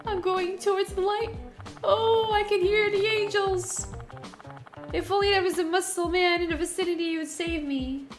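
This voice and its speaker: A woman's voice: extremely high pitch, steady tone, moderate pace, soft background music, voice pushed up. A woman voicing a melodramatic older woman who begs for help in a folksy, theatrical way. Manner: folksy, theatrical, calls him sonny.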